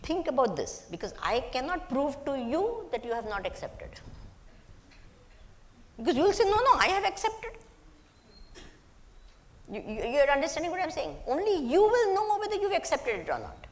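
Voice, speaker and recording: A woman's voice: sits high, huge pitch swings, brisk, a little mellow. A woman, giving a spiritual discourse as a Vedanta teacher to a live audience. She poses questions and answers them herself, and repeats words for emphasis.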